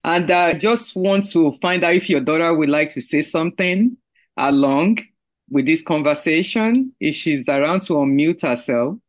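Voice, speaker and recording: A woman's voice: low voice, normal speed. A woman hosting a podcast over a video call, effusive and full of praise for her guest. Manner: warm, effusive. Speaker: podcast host. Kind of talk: casual chat on a video call.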